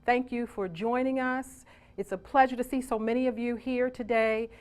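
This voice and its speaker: Casting note: upbeat woman seminar coach with a somewhat high voice, rallying a live room. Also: moderate pace. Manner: energetic, calls on the audience to respond. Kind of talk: motivational seminar talk.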